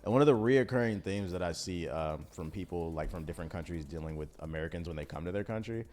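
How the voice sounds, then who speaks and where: Fast-talking laid-back man chatting. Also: deep voice. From Washington, D.C. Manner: fast, animated storytelling with slang. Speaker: co-host. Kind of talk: casual chat.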